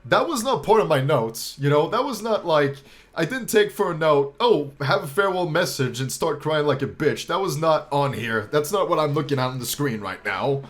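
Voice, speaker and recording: A man's voice: a little high, lively intonation. Young man choked up saying goodbye. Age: young adult. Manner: emotional, halting, restarts and pauses, swears casually. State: choked up, near tears. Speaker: YouTuber. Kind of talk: heartfelt farewell talk to viewers.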